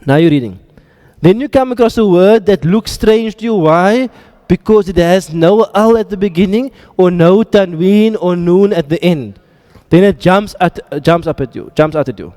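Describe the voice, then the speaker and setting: A male teacher leads a classroom lecture with a high, mellow voice. He quizzes the students and drops playful jokes between drills. A long reverb hangs on every word. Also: moderate pace. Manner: quizzing students, joking asides. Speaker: Arabic grammar teacher.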